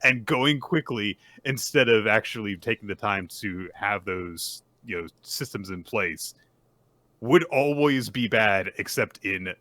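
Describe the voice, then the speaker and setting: A young man co-hosting a podcast, chatting casually with quick, wry asides. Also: on the low side, expressive, bright, forceful tone, no echo. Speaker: podcast co-host. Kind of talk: casual chat.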